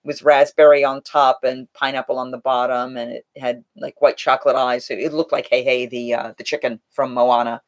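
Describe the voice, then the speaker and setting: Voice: mid-range voice, little pitch movement, fairly quick, hardly any pauses. Chatty, rambling live-stream host. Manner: chatty, rambling, thinks aloud. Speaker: live-stream host answering viewer questions. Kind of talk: casual live chat. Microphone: Logitech USB microphone.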